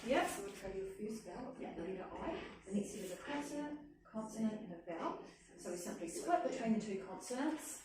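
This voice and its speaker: Woman, teacher trainer, upbeat, fairly high voice, echoey room. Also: lively intonation, fast talker. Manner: upbeat, checks in often with "okay?" and "cool?". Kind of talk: hands-on teaching workshop. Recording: echoey room, mic at a distance, faint noise.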